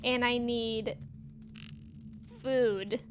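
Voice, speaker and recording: A woman's voice: on the high side, steady tone, very slow, a little hiss or hum. A young woman with a Midwestern American accent, chatting casually and giggling with viewers while she streams a game. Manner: giggly, rambling, chats with viewers. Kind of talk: casual gameplay livestream chat. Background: game music.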